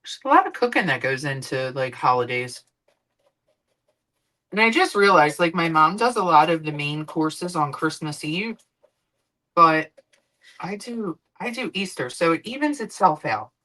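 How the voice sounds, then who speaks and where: A woman's voice: low voice, lively intonation, unhurried, pauses often, bright, forceful tone, low-quality recording. A woman streamer chatting casually while she cooks, rambling and swearing now and then. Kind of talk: casual chat while cooking.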